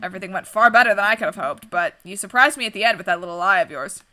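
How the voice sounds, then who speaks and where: A woman reading a measured prosecutor bird. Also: mid-range voice, expressive, pushed and bright. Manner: measured, reflective, formal. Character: principled older male bird prosecutor.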